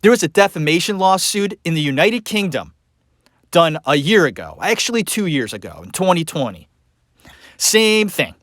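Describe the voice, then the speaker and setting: A man's voice: a little high, big pitch swings, moderate pace, a bit bright, no room sound, clean studio sound. A man hosting a podcast, ranting sarcastically and emphatically in a solo opinion monologue. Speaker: podcast host.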